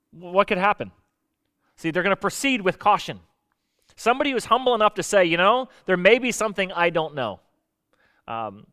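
A man preaching a sermon in a conversational, lively way, explaining Bible verses with everyday stories and acting out the voices he quotes. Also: sits high.

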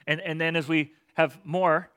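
A man preaching a sermon, lively and talkative, often checking in with the crowd with "right?" and acting out voices of the characters. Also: on the high side, unhurried, clean tone. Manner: animated, acts out voices of God and children. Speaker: pastor.

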